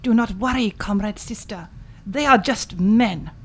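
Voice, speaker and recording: A woman's voice: mid-range voice, a little slow, husky. An actress playing a proud, hearty Soviet woman athlete in an amateur comic radio play, declaiming in comically earnest tones.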